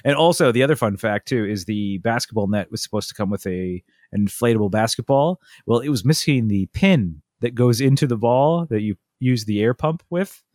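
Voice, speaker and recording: Rambling dad telling stories. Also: male voice, medium pitch, lively intonation, brisk, few pauses, a little mellow, dry recording, studio quality. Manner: rambling storyteller, many restarts and asides. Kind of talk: casual chat.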